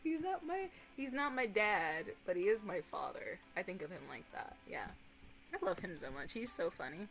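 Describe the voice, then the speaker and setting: A young woman in her twenties streaming casual chat, rambling and animated, swearing casually and breaking into excited impressions of others. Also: mid-range voice, normal speed, slight background noise, low-quality recording.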